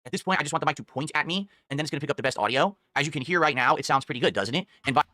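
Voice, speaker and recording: A man talking viewers through his new microphone, defensive and rambling. He speaks quickly in a bright, sharp voice. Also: a little high. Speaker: content creator reviewing a microphone. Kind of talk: product talk to viewers.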